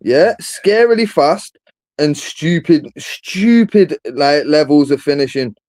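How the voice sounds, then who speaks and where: A man holds forth in a casual football debate, pressing his point hard and peppering it with "bro". His voice sits a little high but comes out dark and mellow. The sound is dry and close. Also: expressive, slow, no room sound. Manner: emphatic, argumentative, says bro a lot. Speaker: football podcast host.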